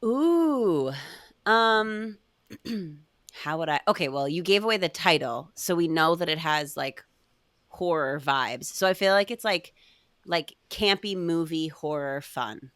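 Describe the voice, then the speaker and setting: A bubbly woman talking casually as a podcast guest, her voice low-pitched and warm with fillers scattered through. The sound is dry and close, with no room around it. She laughs easily between thoughts. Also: animated, slow pace, no echo.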